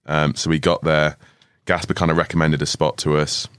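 A man's voice: extremely low pitch, flat delivery, moderate pace, fairly bright tone, smooth, dry recording, studio quality. A young man in his twenties, a podcast guest telling stories in a laid-back way, swearing often and laughing as he goes. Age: 20s. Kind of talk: casual storytelling chat. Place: podcast studio.

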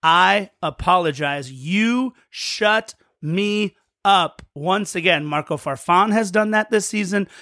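A man with a high speaking voice co-hosts a podcast and tells back a match in lively, chatty play-by-play. The sound is close and dry, with no room around him. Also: takes it slowly, hardly any pauses, no echo. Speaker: podcast co-host. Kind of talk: casual match recap.

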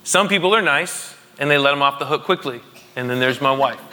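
His medium-pitched voice comes a little fast, pushed and bright, as this thirtysomething pastor jokes and chats through a sermon, frequently asking his congregation questions. Recorded in a church hall, the audio has long reverb plus a little hiss or hum.

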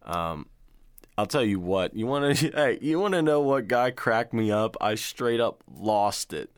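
A man co-hosting a casual podcast, excitedly retelling movie scenes, swearing and laughing. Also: lowish voice, measured pace, clean tone, no room sound, clean studio sound. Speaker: podcast co-host.

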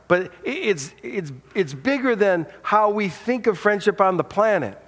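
A man's voice: high-pitched, animated, normal speed, hardly any pauses. Male pastor, sermon delivery, earnest, repeats openers, long church-hall reverb. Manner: earnest, repeats words when starting phrases.

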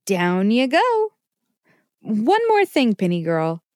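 A woman's voice: a little high, wildly swooping pitch, slow, a little mellow, no echo, clean studio sound, exaggerated voice. A woman voicing a patient, caring mother who teaches her child kitchen safety. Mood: warm. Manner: patient and instructive. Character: gentle, safety-minded mother.

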